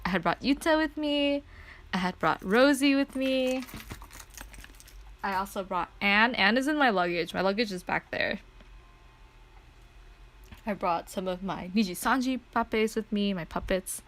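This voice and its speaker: A young adult woman streamer telling a story in a casual chat. She is excitable, laughs often and says "like" a lot. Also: medium pitch, a little slow, pauses often, slight background noise.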